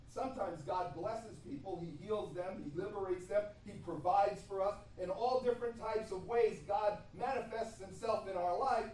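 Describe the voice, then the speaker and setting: A man's voice: high voice, darkish tone, a little hiss or hum. A man preaching a sermon, with emphatic repetition and frequent hesitations. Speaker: pastor. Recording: echoey room from far off.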